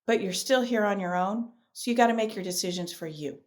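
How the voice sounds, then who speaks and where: A middle-aged woman guest in a podcast interview, speaking emphatically and repeating key phrases, telling lively stories. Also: mid-range voice, a little fast. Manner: animated storyteller.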